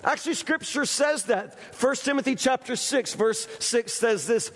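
Folksy high-voiced preacher in echoey hall. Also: male voice, moderate pace, few pauses, fairly bright tone. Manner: folksy, repetitive, conversational. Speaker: pastor. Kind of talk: sermon.

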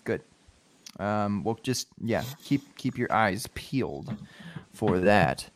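A man's voice: fairly low pitch, expressive, slow, dry recording. A man hosting a sports podcast in casual chat, rambling and joking with many restarts. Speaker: podcast host.

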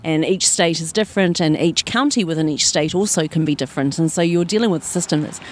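A woman's voice: sits low, quick pace. A woman from New Zealand with a New Zealand accent, a guest in a casual conversation, explaining things in a reflective way.

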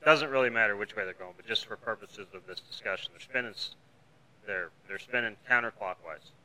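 A man's voice: fairly low pitch, brisk, bright, forceful tone, poor audio. A man hosting a podcast, teaching in a conversational, explanatory way and talking to a camera. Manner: explanatory, conversational, uses everyday analogies. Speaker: podcast host teaching duck calling. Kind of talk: solo instructional podcast talk.

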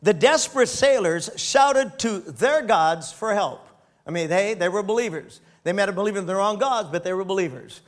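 Male preacher with a high voice who reads scripture, then stops to comment and chuckle. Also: lively intonation, moderate pace. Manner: reads aloud then breaks off to comment, laughing often. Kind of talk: sermon reading and commenting on scripture.

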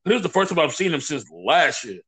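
A husky, slightly high voice moves fairly quickly as this man guests on a podcast. He tells animated stories in a casual way, acting out what people said.

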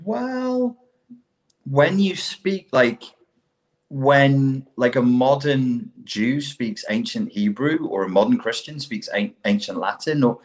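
A middle-aged man in casual conversation, talking in an animated, profane way and acting out quotes as he tells stories. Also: mid-range voice, slow.

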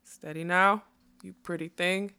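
A woman's voice: lowish voice, fairly even intonation, unhurried, bright, forceful tone, clear, resonant tone. Woman playing a fat clumsy farmer, coaxing, out of breath, storybook. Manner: coaxing, panting.

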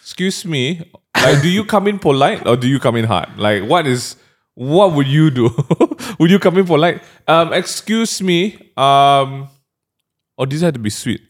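A Malaysian man joking his way through a casual podcast talk, his pitch leaping around. He laughs often and plays out little scenes. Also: animated, moderate pace. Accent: Malaysian English.

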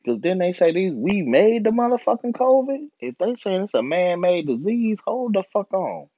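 Man in his twenties, solo rant host, swears heavily, lively pitch swings, a bit high, recorded dry and lo-fi. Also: normal speed, dry recording. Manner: profane, animated ranting with mocking put-on voices. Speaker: podcast host. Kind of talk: casual monologue. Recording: dull lo-fi sound, dry.

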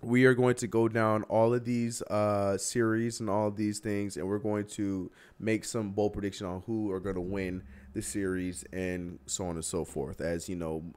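A man's voice: lowish voice, little pitch movement, moderate pace, few pauses, a little mellow, clear, resonant tone. A young man hosting a casual basketball livestream, ranting heatedly and laughing at himself. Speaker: livestream host. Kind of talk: casual sports talk livestream.

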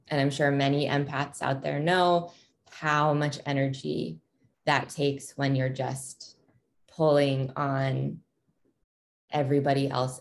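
A woman's voice: rumbling low, vocal fry, a little mellow. A woman in her thirties, a parent, talking thoughtfully and casually, with frequent ums and restarts. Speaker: parent sharing her experience. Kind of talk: reflective casual conversation.

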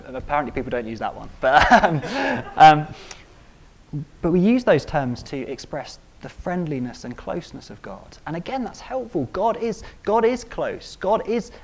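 A man delivers a sermon in an emphatic style. He stresses key phrases by repeating them and climbs to loud peaks on important words. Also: on the high side. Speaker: preacher.

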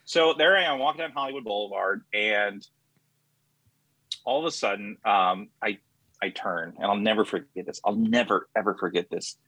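Guy rambling thru silly self-deprecating stories, bright voice, dry close sound. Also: fairly low pitch, moderate pace, dry recording, low-quality recording. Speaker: interviewee. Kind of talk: improvised comedy character interview.

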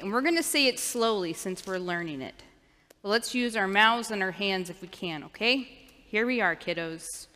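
A woman with a bright, clear voice gives a children's sermon in a church sanctuary. She speaks slowly and patiently, coaching the children to repeat after her. Her voice carries a long reverb from the big hall. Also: medium pitch. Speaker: children's minister.

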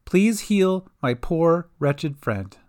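A man voicing a kind young woman cleric in a homemade storybook podcast, speaking softly and with care. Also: a little high, very animated, drawn-out words, smooth, full character voice. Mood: caring. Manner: soft, caring and soothing. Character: gentle kind female cleric, young adult.

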